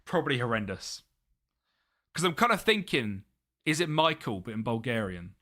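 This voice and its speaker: A man's voice: mid-range voice, animated, moderate pace, bright, forceful tone. A young British man chatting casually on a live gaming stream, muttering to himself and laughing often.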